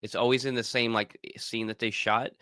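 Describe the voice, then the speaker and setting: Excited man rambling in casual chat. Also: mid-range voice, brisk, no room sound, clean studio sound. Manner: excited, rambling, repeats himself. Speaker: podcast co-host.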